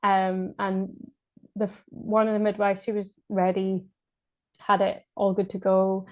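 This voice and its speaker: Flat-voiced Scottish woman telling her story. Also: medium pitch, a little slow. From Scotland. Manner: hesitant, many fillers and restarts, laughs often. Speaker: podcast guest. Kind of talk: casual spoken birth story.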